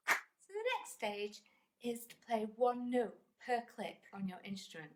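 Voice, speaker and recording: A woman's voice: on the high side, measured pace, very noisy. A woman music teacher giving a patient, encouraging lesson and counting rhythms aloud.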